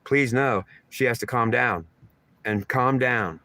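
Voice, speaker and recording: A man's voice: medium pitch, slow, bright, forceful tone, no echo. Man in a dry, rambling spiritual monologue. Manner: repetitive, emphatic, stream of consciousness. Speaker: channeler giving spiritual messages.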